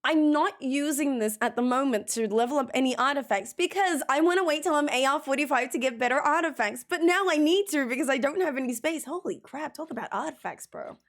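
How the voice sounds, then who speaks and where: A young woman streaming a video game, chatting excitably and reacting out loud as she plays. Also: high-pitched, brisk, few pauses. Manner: chatty, laughs easily, excitable. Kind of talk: live game stream commentary. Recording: stream mic with faint game music.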